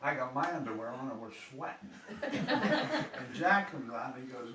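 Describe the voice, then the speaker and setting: A man's voice: medium pitch, animated, moderate pace, a loud crowd. A man fondly reminiscing about family times at a funeral luncheon. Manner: fond, reminiscing. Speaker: family member sharing memories. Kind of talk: casual storytelling at a funeral luncheon. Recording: echoey room, distant from the mic, background noise.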